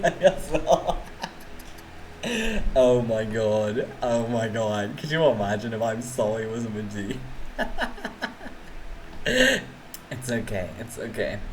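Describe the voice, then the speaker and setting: A woman's voice: rumbling low, darkish tone, slight background noise, poor audio. A woman VTuber streamer with a New Zealand accent, chatting with her viewers in a teasing, giggly, mock-dramatic way. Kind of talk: casual live-stream chat with viewers.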